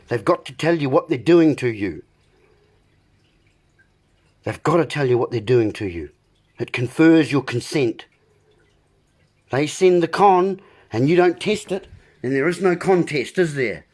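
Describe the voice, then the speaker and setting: A man's voice: on the high side, expressive, unhurried, long pauses, a little mellow. A man hosting a political monologue, ranting and repeating himself as he keeps addressing his listeners as folks. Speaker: video host.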